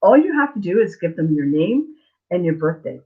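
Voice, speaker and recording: Speaking on a live Q&A stream with slightly dull lo-fi sound, a middle-aged psychic tarot reader shares a story casually. Her voice is lowish and very animated at a moderate pace, and she's blunt, chatty and keeps wandering off topic.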